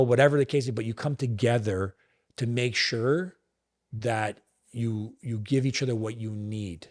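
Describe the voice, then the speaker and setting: A man's voice: mid-range voice, fairly even intonation, normal speed. A middle-aged man talking in an earnest, coaching way, sometimes acting out both sides of a conversation. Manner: earnest, coaching tone, acts out dialogue. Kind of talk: podcast conversation on relationships.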